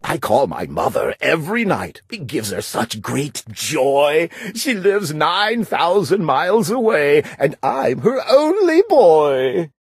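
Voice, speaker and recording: A woman's voice: deep voice, very animated, slow pace, hardly any pauses, breathy edge, no room sound, clean studio sound, heavily acted. A woman voicing a greenish, smug male glunk creature who sweet-talks and jabbers in a storybook reading.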